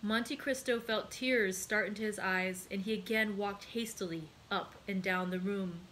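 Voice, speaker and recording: Woman narrator, read-aloud of a classic novel, steady, mid-pitched voice. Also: a little slow, a little hiss or hum, poor audio. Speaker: library host.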